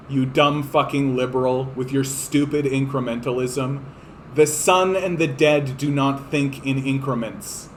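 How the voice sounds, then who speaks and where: A man's voice: mid-range voice, steady tone, a little slow, slight background noise, low-quality recording. A man hosting a livestream, delivering an impassioned, profane political rant that repeats itself for emphasis. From Canada. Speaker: livestream host. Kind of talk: ranting political livestream monologue.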